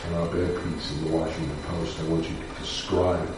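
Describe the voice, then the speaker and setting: A man, a defense lawyer, telling a personal story in a measured, somber way with pauses and fillers. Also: extremely low pitch, little pitch movement, recorded from a distance, background noise. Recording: echoey room picked up from afar.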